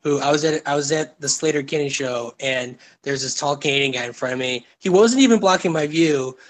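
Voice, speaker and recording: A man's voice: fairly high pitch, brisk. A man co-hosting a casual chat, talking in profane, emphatic rants. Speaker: podcast co-host.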